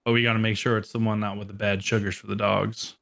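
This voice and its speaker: A young man with a lowish voice talks in a loose, rambling way, full of fillers. He keeps it casual and easygoing, laughing often as he chats. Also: little pitch movement, fast talker, creaky, fairly bright tone. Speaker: guest, metal band musician and dog owner. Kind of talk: casual podcast chat.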